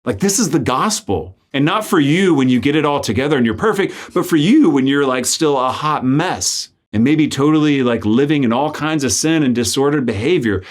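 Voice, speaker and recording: A man's voice: on the high side, animated, normal speed, few pauses. A young man, a friar and priest, giving a spoken reflection in a conversational way, full of "like" fillers and acted-out quotes. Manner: conversational, many "like" fillers, acts out quoted voices. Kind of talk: spoken reflection with personal story.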